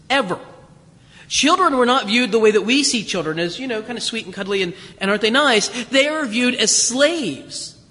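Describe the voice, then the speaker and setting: A middle-aged man gives a chatty, joking sermon in a high, bright voice. He often stumbles over and restarts his sentences and breaks into chuckles. His voice rings with a long echo through a large church hall. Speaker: preacher. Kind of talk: conversational sermon.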